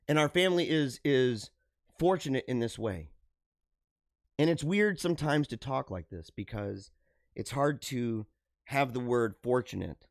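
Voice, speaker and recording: A middle-aged man hosting a live show, talking earnestly and haltingly to his viewers, often repeating himself and restarting phrases. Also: medium pitch, no room sound, studio quality. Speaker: livestream show host. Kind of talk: emotional personal monologue to viewers.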